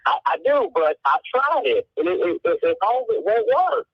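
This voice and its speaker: A man's voice: extremely high pitch, very animated, normal speed, vocal fry, no room sound, highs cut off. A man calling in to a radio show, talking hesitantly and stammering. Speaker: caller. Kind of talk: phone-in chat.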